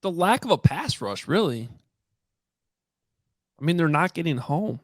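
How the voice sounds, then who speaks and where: A man's voice: a little high, big pitch swings, a little slow, no room sound, clean studio sound. A man co-hosting a sports podcast in casual, chatty talk, often restarting his sentences. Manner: chatty, many restarts and fillers. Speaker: podcast co-host.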